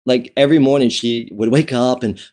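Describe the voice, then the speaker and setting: Speaking at a medium pitch and a little fast, this interview guest has a mellow voice. He recounts a personal story in a chatty, candid way, with fillers, restarts and frequent laughter throughout.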